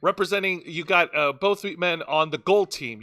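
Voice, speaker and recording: A man's voice: on the high side, a little fast, hardly any pauses, sharp tone, no room sound, clean studio sound. A man co-hosting a casual wrestling review podcast, rambling through match recaps and stumbling over his words. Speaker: wrestling show co-host.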